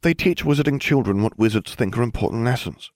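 A man's voice: mid-range voice, expressive, fast talker, a little mellow, dry recording, studio quality, pitched above the performer's own voice, lightly acted. A man voicing a prim, bossy teenage schoolgirl who lectures in an exasperated tone, in an audiobook reading. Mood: lecturing.

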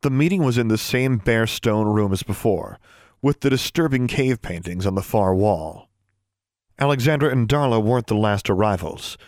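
Low-voiced male audiobook narrator. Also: animated, moderate pace, a little mellow, no echo, clean studio sound. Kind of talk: scripted story narration.

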